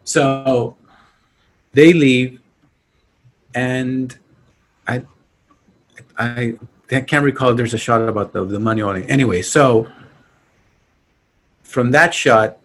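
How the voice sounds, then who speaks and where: A man's voice: mid-range voice, takes it slowly, long pauses. A man co-hosting a podcast, chatting casually about an old horror movie, laughing often and acting out the characters. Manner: laughing, animated, acts out characters. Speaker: podcast co-host.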